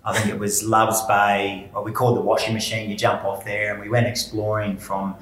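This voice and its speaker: A man's voice: fairly low pitch, fairly quick. Man telling a rescue story. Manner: relaxed anecdotal storytelling with fillers. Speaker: ocean swimmer guest. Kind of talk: casual chat, storytelling. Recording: roomy echo with faint background ambience.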